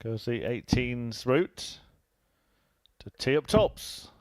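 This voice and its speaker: A man commentating on a darts match in a chatty, relaxed way. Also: mid-range voice, slow, no room sound. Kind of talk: live sports commentary.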